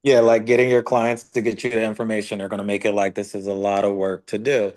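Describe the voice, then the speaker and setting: Man, real estate agent, lowish voice, casual, lots of likes. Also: level tone, quick pace, darkish tone. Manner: casual, loose, many filler likes. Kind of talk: casual chat in a team meeting.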